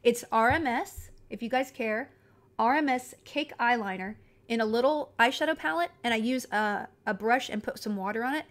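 A woman's voice: a little high, moderate pace. A woman live-streaming a video game in casual, chatty talk, scattered and reading viewer comments aloud as she goes.

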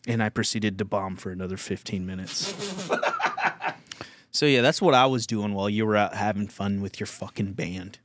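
A young man hosting a casual podcast chat, telling stories with lots of laughter and loud mimicry. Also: fairly low pitch, moderate pace. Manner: animated storytelling, laughing, mimicking a friend in loud shouts. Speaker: podcast host and comedian.

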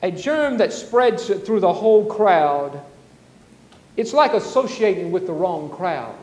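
A man preaching a sermon as pastor, animated, acting out the grumbling crowds. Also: high-pitched, takes it slowly, echoey room, big-room sound, rough recording. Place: church sanctuary.

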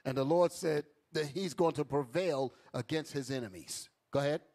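A man's voice: fairly high pitch, moderate pace, a little mellow. A man teaching a Bible class in an emphatic preaching style, calling out to his listeners. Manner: emphatic, calls out to the audience.

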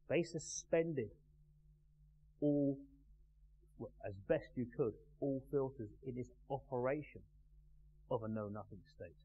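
A man teaching a live class in a measured, emphatic way, pausing and putting questions to the group. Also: mid-range voice, dark tone. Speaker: NLP trainer. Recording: tinny phone-like sound with faint hum.

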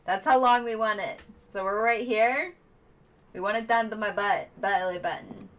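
A woman's voice: medium pitch, moderate pace. A woman streaming herself playing a video game, chatting casually with viewers and friends in the room.

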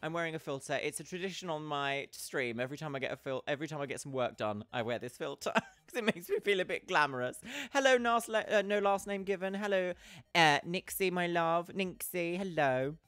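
Female game streamer, casual, affectionate with chat, animated delivery. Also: sits low, a little fast, no room sound. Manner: chatty and affectionate, greets viewers by name, calls them "my love". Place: at home.

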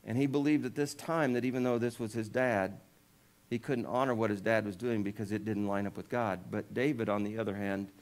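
A male pastor preaching a sermon, retelling scripture in a casual storytelling way with jokes and asides, raising his voice when he quotes the people in the story. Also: a little mellow. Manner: lifts pitch and volume when voicing quoted figures.

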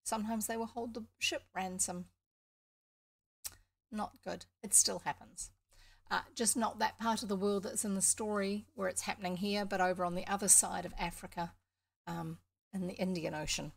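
A woman's voice: mid-range voice, steady tone, moderate pace, creaky. A woman with a New Zealand accent reading a children's book aloud, stopping for chatty, explanatory asides. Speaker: storybook reader.

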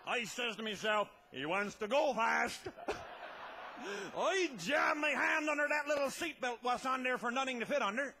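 A man telling a tall tale as a comedy monologue, loud and laughing, often breaking into shouts. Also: very high voice, expressive, normal speed, slight background noise. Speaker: comic storyteller.

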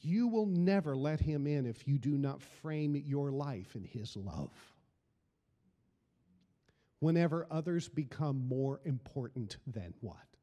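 A man's voice: fairly high pitch, expressive, takes it slowly, warm tone, long reverb tail. A middle-aged man preaching a sermon as pastor, building emphasis through repeated phrases. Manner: preaching with rising emphasis and repetition.

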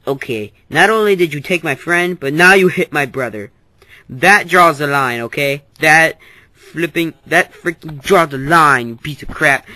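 A man's voice: on the high side, unhurried, no echo. Luigi, a guy voicing a bossy plumber brother. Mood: angry. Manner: bossy, yelling threats. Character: hot-tempered plumber brother hunting a lost friend. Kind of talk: plush toy comedy skit.

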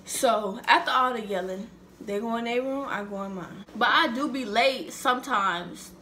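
A young woman in her late teens telling a dramatic storytime vlog in an animated, slangy way. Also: a little high, moderate pace, a little hiss or hum. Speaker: vlogger.

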